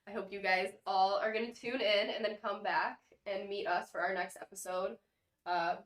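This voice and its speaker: A woman's voice: mid-range voice, fairly even intonation, a bit bright. Chatty young woman in an echoey room. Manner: chatty, enthusiastic, quick to laugh. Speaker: podcast co-host. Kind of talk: casual recap chat.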